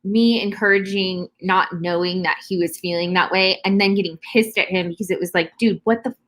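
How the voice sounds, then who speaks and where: A woman's voice: fairly low pitch, steady tone, brisk, a bit bright. A woman co-hosting a podcast, talking bluntly and heatedly in casual chat, swearing freely. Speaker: podcast co-host.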